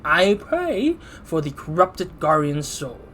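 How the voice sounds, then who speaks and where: A man voicing an old male country priest with a put-on country accent, speaking slowly and solemnly. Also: fairly high pitch, big pitch swings, a bit bright, slight background noise, full character voice. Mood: preachy.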